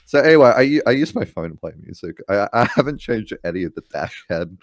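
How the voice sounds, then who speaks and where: Animated low-voiced storyteller. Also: male voice, fast talker, dry recording, clean studio sound. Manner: animated storyteller who acts out conversations. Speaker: podcast co-host. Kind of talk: casual chat.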